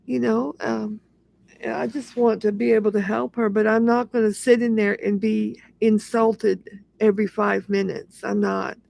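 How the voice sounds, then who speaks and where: A woman's voice: mid-range voice, level tone, a little slow, creaky, a little mellow, no echo. A woman hosting a casual livestream, talking in an aggrieved, repetitive rant. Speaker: livestream host.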